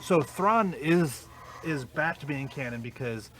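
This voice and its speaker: A man's voice: a little high, animated, a little slow, fairly bright tone. A man co-hosting a podcast, teasing his partner with profanity and explaining things at length. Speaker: podcast co-host. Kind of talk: casual podcast banter.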